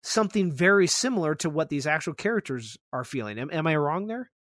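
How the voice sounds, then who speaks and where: A young adult man hosting a podcast, talking in a casual, animated way with a fair bit of swearing. His voice sits a little higher than most men's. The sound is close and dry, with no room around it. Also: a little fast, dry recording. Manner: animated retelling, swears freely. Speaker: podcast host. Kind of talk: casual chat.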